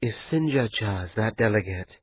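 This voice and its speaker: A calm, dry-witted young woman murmurs to her lover in a hushed, teasing tone, voiced by a male audiobook narrator. Her voice sits low and husky. The recording is dry and slightly muffled. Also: unhurried, no echo.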